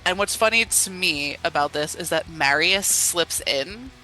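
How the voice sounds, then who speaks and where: A woman's voice: lowish voice, unhurried, soft background music, low-quality recording. A woman co-hosting a horror movie podcast, chatting casually and laughing often as she retells scenes. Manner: giggly, animated storytelling with acted quotes. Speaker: podcast co-host. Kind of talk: casual chat.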